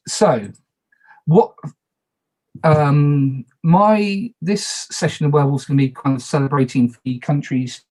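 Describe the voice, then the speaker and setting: Guy running a werewolf game over a video call, chatty and easygoing, keeps repeating his instructions, middle-pitched voice. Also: a little mellow. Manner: casual, chatty, repeats instructions, self-deprecating asides. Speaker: game moderator.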